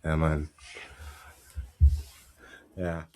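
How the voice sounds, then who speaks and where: A man's voice: extremely low pitch, level tone, very slow, darkish tone. A man hosting a football podcast in casual chat, talkative and laughing easily. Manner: chatty, laughs easily, lots of fillers. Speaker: podcast host.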